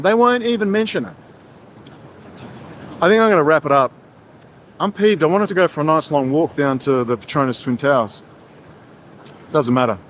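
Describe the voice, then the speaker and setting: A man hosts a livestream and rants heatedly, with a sarcastic edge that keeps jumping between subjects. His voice sits a little high for a man. Faint outdoor noise from the city comes through behind him. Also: fairly bright tone. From Australia. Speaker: livestream host. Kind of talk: ranting livestream monologue.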